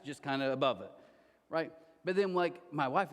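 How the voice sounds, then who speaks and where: A man in his forties preaching a sermon in a church auditorium, telling stories in an animated way and acting out the quotes. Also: a little high, normal speed, long reverb tail. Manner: animated storytelling, acts out quotes. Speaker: pastor.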